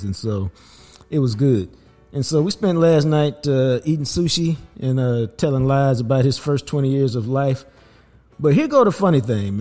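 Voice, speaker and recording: Animated older man telling stories. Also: a little high. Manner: animated, acts out voices in anecdotes. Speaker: podcast host. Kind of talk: casual storytelling.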